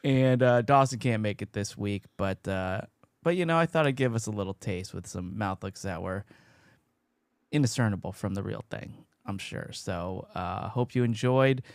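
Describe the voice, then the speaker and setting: Upbeat joking podcast host, dry close mic. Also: male voice, lowish voice, moderate pace, dry recording. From USA. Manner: upbeat, jokey, trailing off. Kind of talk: casual podcast chat. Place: home studio, Long Beach, California.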